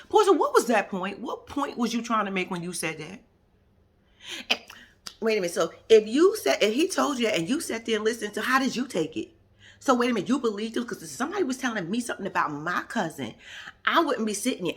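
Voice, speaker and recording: A woman talks through a reality episode in a casual vlog. She is sassy and profane, with a very lively pitch that leaps as she acts out what the cast said. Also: a little fast, slightly rough. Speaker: reality TV commentator.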